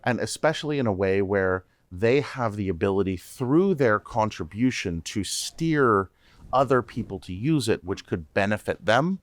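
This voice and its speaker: A man, a startup CEO, speaking as a guest on a podcast interview. He talks in an animated way, restarting often and repeating words. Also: on the low side, normal speed, dry recording.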